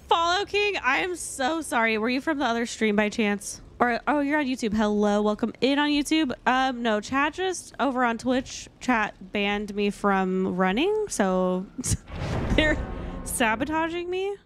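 A young woman streaming a game, chatting casually with her viewers, excitable and dramatic, laughing often. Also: on the high side, measured pace. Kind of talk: casual gameplay commentary.

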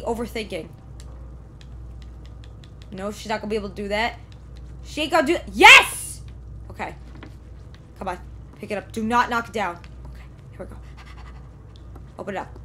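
Excitable woman streaming a horror game. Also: mid-range voice, slight background noise. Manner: excitable, exclaims and talks to the game. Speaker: gameplay streamer. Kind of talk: live let's play commentary.

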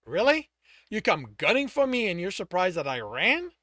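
An enraged alien man, as a male narrator puts him on, hurls strained, shouted questions in a raised, swooping voice. The reading is close and dry, with no room around it. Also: high-pitched, wildly swooping pitch, normal speed, no echo, voice pushed up, exaggerated voice. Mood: furious, mocking.

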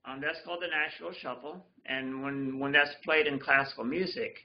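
A man's voice: medium pitch, steady tone, fairly quick, background noise. A man teaching a fiddle lesson over a livestream, explaining loosely with many restarts and fillers. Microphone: computer mic on a video call. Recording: dull lo-fi livestream audio with fiddle. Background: fiddle playing.

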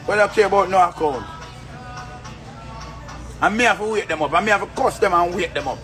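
High, bright-voiced Jamaican man ranting. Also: a little fast, pauses often, faint music behind. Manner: rambling, repetitive, swears often. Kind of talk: casual rant to viewers.

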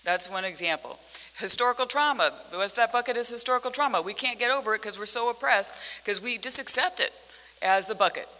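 A woman scholar giving a conference talk as a panelist, telling stories in an animated way. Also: fairly high pitch, fast, slight background noise. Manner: animated storytelling with vivid metaphors. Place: conference hall. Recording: echoey conference hall.

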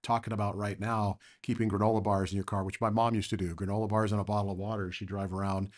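Low-voiced man reflecting thoughtfully. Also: little pitch movement, fast. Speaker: podcast host. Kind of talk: reflective interview talk.

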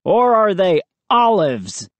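A woman voicing a hot-tempered neighbor man who shouts angrily in a storybook. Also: mid-range voice, expressive, normal speed, no room sound, voice pushed up, close to an everyday voice. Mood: angry. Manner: shouting, angry.

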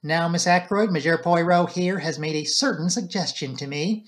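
A man's voice: on the high side, moderate pace, natural voice. A man voicing a blunt, stubborn male police inspector who talks brusquely.

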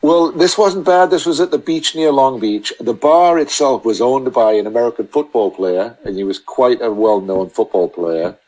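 A man chatting as a podcast guest, telling long, halting anecdotes full of restarts. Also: medium pitch, a little mellow, low-quality recording. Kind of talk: casual storytelling chat.

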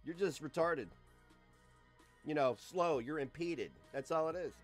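A man in his forties streaming live, ranting in a crude, mocking, loud way. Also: on the high side, measured pace, soft background music. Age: 40s.

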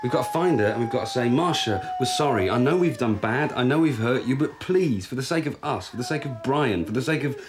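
An actor playing an excitable young Englishman in his twenties, urgent and wheedling. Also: mid-range voice, brisk, hardly any pauses, natural voice. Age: young adult. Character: scheming, excitable young man.

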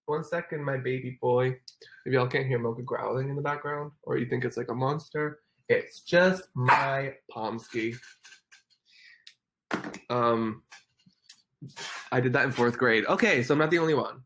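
A young adult hosting a casual home livestream, reading viewer comments aloud, effusive and quick to laugh, sometimes cooing baby talk to a dog. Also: mid-range voice, vocal fry, a bit bright. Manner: giggly and effusive, laughs often. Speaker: livestream host.

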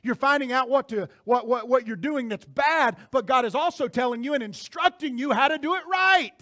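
A male pastor preaching a sermon, moving between quiet asides and loud shouted points. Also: very high-pitched, moderate pace. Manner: animated preaching, swings from soft asides to shouting.

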